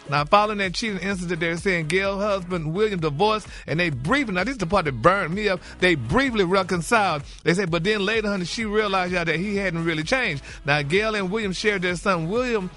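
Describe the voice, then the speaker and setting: A man's voice: high voice, fast talker, hardly any pauses, sharp tone, faint music behind. A man hosting a celebrity gossip segment on a morning radio show, sassy and indignant, calling listeners "honey" and "y'all.". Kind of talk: animated gossip chat.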